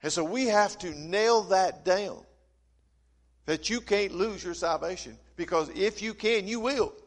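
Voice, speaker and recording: Man preaching, high voice, folksy storyteller, long hall reverb. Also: a little slow. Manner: folksy storytelling, swinging from loud emphasis to quiet asides. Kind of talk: sermon.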